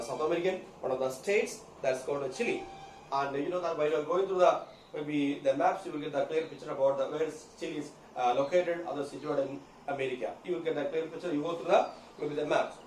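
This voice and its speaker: A man with a high voice teaches a class in a slow, halting way, full of pauses and filler words. He is recorded from a distance in an echoey room, with faint room sound behind him. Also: a little mellow, slight background noise. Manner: halting, many fillers and okays. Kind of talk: classroom lecture. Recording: echoey room, mic far off.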